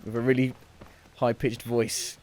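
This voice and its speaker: A man's voice: mid-range voice, little pitch movement, measured pace, darkish tone. Joking man commentating his gameplay. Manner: joking, chatty, teasing the game. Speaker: gaming streamer. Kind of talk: let's play commentary. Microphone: headset.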